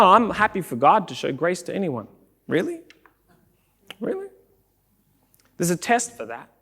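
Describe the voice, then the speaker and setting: Guy preaching in church, high voice that swings all over, acts out the quotes. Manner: animated preaching, acting out quoted voices, rising to shouts. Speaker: pastor. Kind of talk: sermon. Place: church sanctuary.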